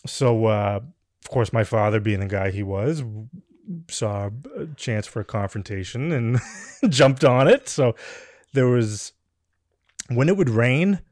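A man's voice: medium pitch, expressive, a little slow, a little mellow, no room sound, studio quality. A man hosting a podcast in casual chat, telling loose anecdotes and asking his guests questions. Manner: loose, rambling anecdotes with restarts. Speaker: podcast host.

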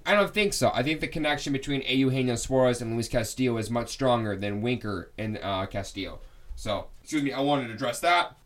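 A man hosting a solo sports podcast, ranting excitedly and swinging between loud outbursts and quick muttered asides. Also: medium pitch.

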